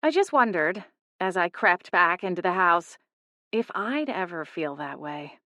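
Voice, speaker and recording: A young woman narrating a first-person audiobook in a steady, intimate storytelling manner. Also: lowish voice, measured pace, dry recording. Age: young adult.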